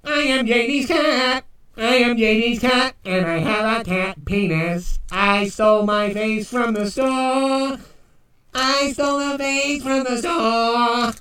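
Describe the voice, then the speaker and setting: A synthetic woman's voice reading a donation message in a flat, robotic way. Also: a little high, slow, roomy sound, recorded from a distance. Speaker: text-to-speech donation message.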